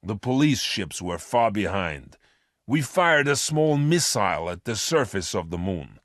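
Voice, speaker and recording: A ruthless space criminal boss, hard and scheming, as a man reads him in a storybook. Low-set and slow, with the pitch rising and falling widely. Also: sing-song, a bit bright, dry recording, clean studio sound. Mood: explaining. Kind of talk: storybook reading.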